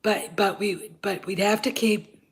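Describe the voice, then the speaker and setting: Congested woman ranting on her channel, slow and blunt, swears a lot, sounds stuffed up. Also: medium pitch, fairly even intonation. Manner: blunt, profane and heated. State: congested, getting over covid. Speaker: channel host. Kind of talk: casual opinion commentary.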